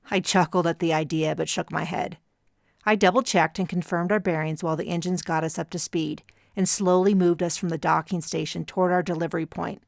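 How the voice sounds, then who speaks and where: A woman narrates a first-person audiobook with a measured storytelling delivery. Her voice sits low with a gravelly grain. The recording is dry and close, with no room around it. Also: fairly even intonation, no room sound.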